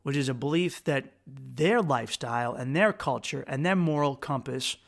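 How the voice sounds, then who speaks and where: A man from the United States hosting a podcast, telling a travel story in a rambling, crude, self-mocking way with quick restarts. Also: mid-range voice, creaky. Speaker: podcast host. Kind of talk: casual storytelling monologue.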